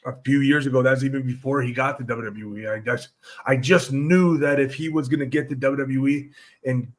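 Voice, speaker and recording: A middle-aged man, a podcast guest, chatting casually in a relaxed, rambling way and often restarting his sentences. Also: medium pitch. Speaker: podcast guest, former wrestler. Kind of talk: casual interview chat.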